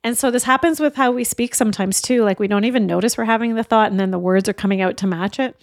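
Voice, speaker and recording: A woman's voice: fairly high pitch, quick pace, dry recording, studio quality. A middle-aged woman life coach giving an earnest, reflective motivational talk and sharing personal stories openheartedly. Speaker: life coach and podcast host.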